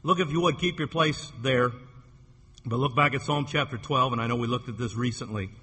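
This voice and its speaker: A man preaching a sermon as pastor, emphatic and slowing down to stress key phrases, losing his voice and coughing at times. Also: mid-range voice, bright, forceful tone, husky, long reverb tail. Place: church sanctuary.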